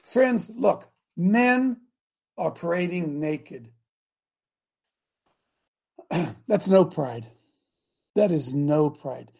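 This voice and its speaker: An older man hosting a talk show, preaching in an impassioned, repetitive way full of rhetorical questions, with a raspy voice. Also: fairly high pitch, expressive, very slow, pauses often, warm tone. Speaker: host.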